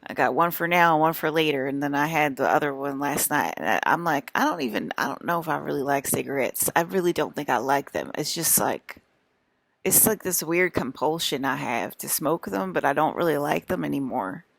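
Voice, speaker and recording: A young woman vlogs to camera in a low, expressive voice with vocal fry, speaking a little fast on a dry recording. She rambles casually, repeating herself and restarting often amid many fillers.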